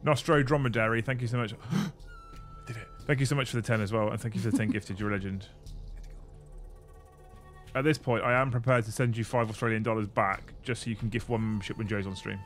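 A man's voice: on the low side, fairly even intonation, fast. A man hosting a casual livestream, chatting and thanking viewers while building models. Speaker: livestream host. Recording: faint music behind.

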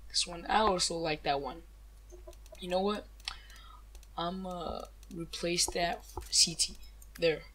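A woman hosting a gaming channel, giving excited case-opening commentary, gasping, exclaiming and swearing freely. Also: fairly low pitch, takes it slowly, long pauses, a little hiss or hum.

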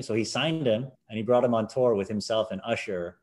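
A man in his forties tells stories at a quick clip, slipping into other people's voices with sudden high jumps. It sounds like a relaxed chat between guest and host. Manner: animated, acts out quoted voices with big pitch jumps. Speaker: podcast guest. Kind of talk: casual storytelling.

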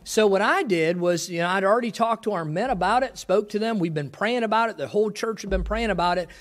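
Male pastor, high-pitched, folksy testimony style, punctuated with praise. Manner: folksy, quick, exclaims praise often. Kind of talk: missions conference testimony.

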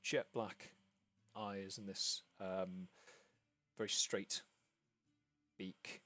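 A man's voice: deep voice, level tone, extremely slow, sharp tone. A man narrating a tabletop game as game master, describing scenes with many fillers.

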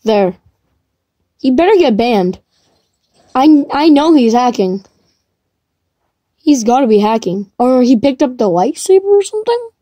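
High, excitable young woman gamer. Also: unhurried, pauses often, no room sound. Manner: excitable, shrieks and laughs when chased. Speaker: gamer streaming live play. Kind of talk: reactive gameplay commentary.

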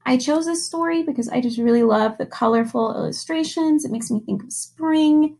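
A woman's voice: high-pitched, normal speed. A young woman teacher reading a picture book aloud to children and asking them questions along the way. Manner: animated storytelling with questions to young listeners.

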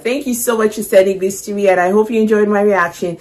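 A woman's voice: mid-range voice, fairly even intonation, fast talker, a little mellow. A woman hosting a music reaction video, chatting playfully, reading lyrics aloud and laughing. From Canada. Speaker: music reaction channel host. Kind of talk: casual music reaction chat.

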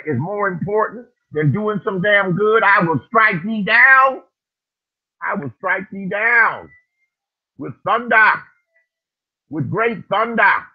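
A man putting on a wrathful, booming God. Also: full character voice. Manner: slow, drawn-out preaching delivery. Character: wrathful booming God, male, thundering judgment. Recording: tinny phone-like line.

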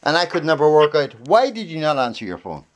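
A man's voice: fairly high pitch, very animated, fast talker, dull audio. Angry New man, accusing. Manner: angry, accusing, swearing, repeating questions. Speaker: complainant confronting his advocate. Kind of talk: heated confrontation.

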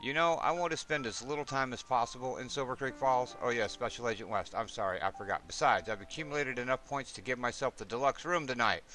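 A man's voice: mid-range voice, quick pace, few pauses, bright, forceful tone, close to an everyday voice. A man reading the lines of a laid-back, joking male cop from Boston in a video game.

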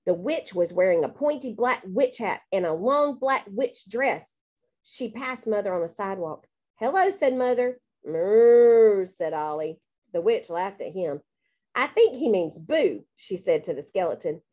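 A woman reading a children's book aloud, narrating in a bouncy, expressive child's voice. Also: mid-range voice, moderate pace. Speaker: audiobook reader.

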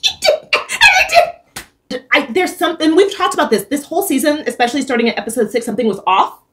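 A woman hosting a casual TV reaction chat, animated and freely swearing. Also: high voice, fast talker. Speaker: host.

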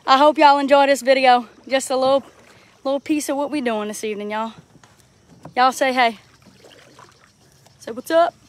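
Working aboard a boat on a Louisiana bayou, a young woman with a Southern accent talks into the phone in her hand during a live-streamed vlog. Her high voice holds a steady tone at a normal speed, broken by frequent pauses. The crawfisher keeps up a chatty stream, greeting viewers as she works.

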